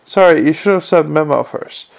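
A fretful little imp gadget chatters in an eager, apologetic rush, as a man puts it on. The voice sits a little high with a gravelly texture and fumbles over its words. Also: moderate pace. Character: eager, anxious little male imp organizer.

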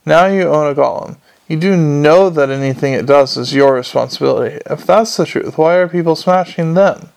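A man's voice: on the high side, moderate pace, vocal fry, few pauses, a little mellow, clear, resonant tone. A man reading aloud, voicing a dry, sardonic young female watch officer.

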